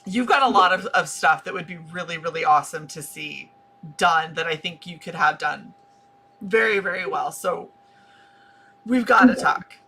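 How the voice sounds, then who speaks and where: Woman, podcast host, casual chat, animated storytelling, sharp bright voice. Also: lowish voice, moderate pace, slightly rough.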